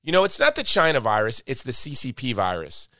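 A man's voice: mid-range voice, huge pitch swings, brisk, bright, forceful tone, no room sound, clean studio sound. A man hosting a podcast in casual chat, speaking with passion and repeating points for emphasis. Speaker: podcast host.

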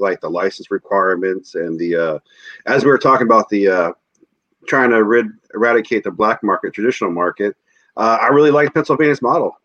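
Male podcast co-host, heated and profane, animated delivery, lo-fi muffled audio. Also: fairly low pitch. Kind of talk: casual podcast chat.

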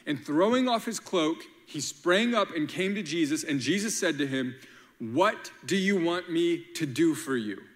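A man preaching a lively sermon as pastor, playful, acting out quotes and using rhymes. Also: fairly high pitch, measured pace, long reverb tail.

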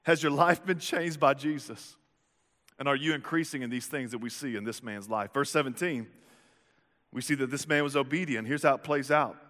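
A man's voice: mid-range voice, normal speed, a bit bright. A man preaching a sermon as a pastor in a church, telling stories animatedly and asking rhetorical questions. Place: church sanctuary. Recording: reverberant church hall.

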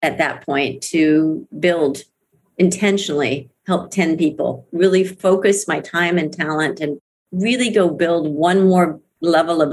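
A woman's voice: deep voice, breathy edge. A middle-aged woman speaking as an interview guest about her network marketing career, earnest and emphatic, repeating phrases for weight. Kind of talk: candid interview talk.

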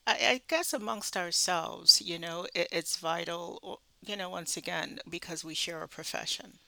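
A woman's voice: lowish voice, moderate pace, gravelly, pushed and bright, dry recording, poor audio. A woman from the South, a social work educator speaking earnestly and emphatically as an interview guest. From Southern United States. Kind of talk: conversational interview.

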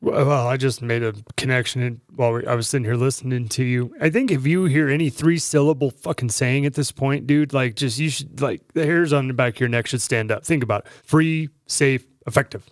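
A man's voice: mid-range voice, steady tone, fairly quick, hardly any pauses, no echo, studio quality. A man co-hosting a podcast, talking in a heated, emphatic and profane way. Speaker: podcast co-host. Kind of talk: casual podcast chat.

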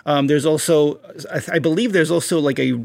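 Male podcast co-host, gravelly, animated storyteller, dry close mic. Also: fairly high pitch, a little fast, no echo. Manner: hypes stories up, acts out bits in jumpy voices.

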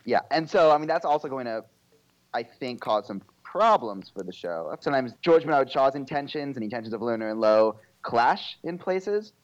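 A man co-hosting a casual podcast, measured and dry-humoured. His voice is mid-pitched, and the recording sounds dull and lo-fi. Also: lively intonation. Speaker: podcast co-host.

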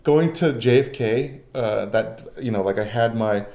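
A man in his forties from New York, telling personal stories in a relaxed chat with many fillers. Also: mid-range voice, a little slow, reverberant. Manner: reflective storytelling, many fillers. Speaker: guest. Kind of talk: casual chat.

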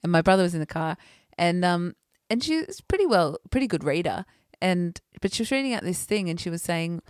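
A woman with a fairly low voice tells a rambling comic story. Her pitch leaps all over as she mimics the people in it, laughing as she goes. The sound is dry and close. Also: brisk, no echo. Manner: animated storyteller, laughs often, acts out quoted voices. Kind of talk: casual chat and storytelling.

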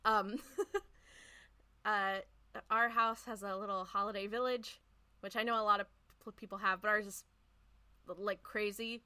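Chatty woman podcast cohost, bright voice, dry little asides. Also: medium pitch, level tone, measured pace, pauses often, clear, resonant tone. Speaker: podcast co-host. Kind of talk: casual recap chat.

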